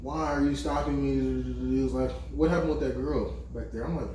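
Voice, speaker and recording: A young man talks fairly quickly and barely pauses, his voice on the high side, as he co-hosts a podcast and tells a long personal story to friends. It's crude, lively storytelling heavy with quoted, acted-out dialogue. The background is noisy, the room echoes, and the mic is distant.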